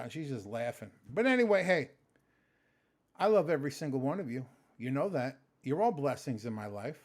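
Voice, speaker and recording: A man talking casually in a late-night vlog, exhausted and sleepy, animated and rambling with plenty of swearing. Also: medium pitch, normal speed. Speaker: vlogger, customer service phone agent.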